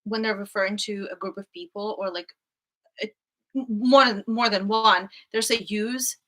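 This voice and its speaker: A woman's voice: medium pitch, steady tone, normal speed, sharp tone. A young woman from New York with a Long Island accent, chatting casually as co-host in a dry, matter-of-fact way. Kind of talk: casual Q&A chat.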